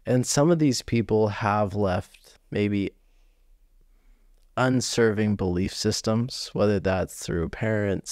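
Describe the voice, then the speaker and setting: Low-voiced male podcast host. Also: gravelly, a little mellow, dry recording, studio quality. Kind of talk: interview questions. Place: podcast studio.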